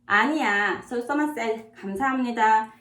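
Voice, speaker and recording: A woman with a fairly high voice, teaching a beginner Korean lesson in her second language. She repeats each phrase slowly and patiently, so listeners can copy it. Her voice rings a little in an echoey room. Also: fairly bright tone. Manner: slow, repeats words for practice.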